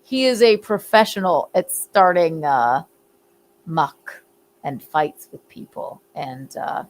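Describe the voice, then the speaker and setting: A woman's voice: low-pitched, lively intonation, takes it slowly. Rambling, giggly woman host. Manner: giggly, rambling, swears freely. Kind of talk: casual comedic commentary.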